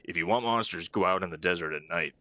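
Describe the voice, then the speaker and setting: A man's voice: low-pitched, fast talker, bright, forceful tone, no echo. A man reading aloud the lines of an arrogant, burly male weapon-shop owner from a game, curt and scornful. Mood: gruff.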